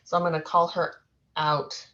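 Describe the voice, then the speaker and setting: A woman psychic medium in casual spiritual talk, earnest and rambling with halting restarts. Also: low voice, flat delivery, bright, forceful tone, lo-fi sound.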